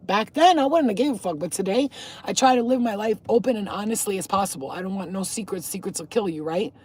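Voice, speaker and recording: Husky, blunt, foul-mouthed woman vlogger. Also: mid-range voice, fast talker, a little mellow. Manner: blunt, profane and emphatic; talks straight to the camera, addressing viewers. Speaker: spiritual healer and reader. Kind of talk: casual vlog talk to viewers.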